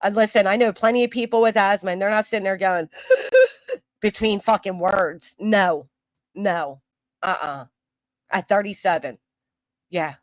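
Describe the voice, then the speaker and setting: A woman hosts her commentary channel in a furious, expletive-laden rant. Her pitch sits mid-range for a woman, and the sound is close and dry with no room echo. She scolds and swears her way through every point. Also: moderate pace, pauses often. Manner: heated, profane, scolding.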